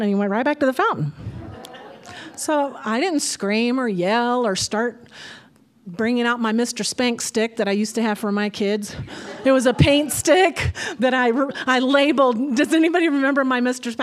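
An older grandmother preaching a sermon, telling a homey story with asides and laughs. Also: on the high side.

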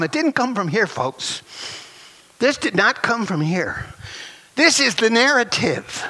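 A male pastor delivering a lively sermon, his voice high and bright as he piles up emphatic rhetorical questions. He preaches with animated energy, chuckling between points. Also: a little slow.

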